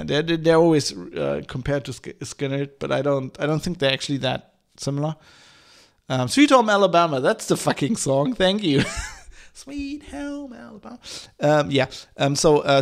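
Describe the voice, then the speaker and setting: A male podcast host, hoarse from hay fever, chatting casually on his own, rambling with lots of fillers, restarts and swearing. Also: medium pitch. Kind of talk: casual solo podcast chat.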